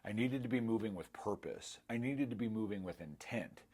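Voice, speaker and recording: This man in his thirties, a former client, tells his testimonial in a relaxed storytelling way, candid and self-deprecating, performing the quoted lines. His voice is lowish, expressive, a bit mellow and a little fast.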